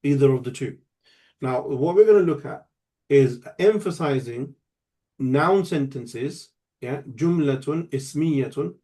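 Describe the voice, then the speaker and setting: A man's voice: medium pitch, warm tone. A man teaching an online grammar lesson, explaining patiently step by step and checking in with his student. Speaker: Arabic teacher.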